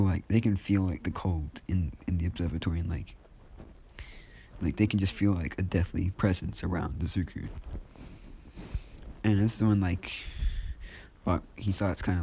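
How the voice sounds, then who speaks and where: A man's voice: low-pitched, fairly even intonation, moderate pace, pauses often, dark tone, slight background noise. A man telling a fan story in a casual, rambling way, packed with fillers. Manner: rambling, heavy use of fillers.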